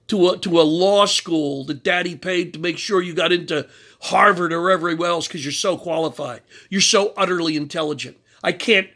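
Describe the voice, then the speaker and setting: A man with a bright, forceful voice pitched a little high tears into his target with sarcasm. He taunts, mocks and preaches about sin and judgement in a combative commentary rant. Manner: preachy, invokes God and sin. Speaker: political commentator. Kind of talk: ranting commentary.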